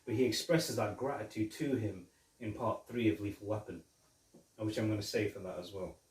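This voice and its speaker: A man's voice: lowish voice, fairly quick, a little mellow. A man hosting a casual film review podcast, rambling as he retells scenes with quoted lines. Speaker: podcast host. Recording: roomy echo, mic at a distance.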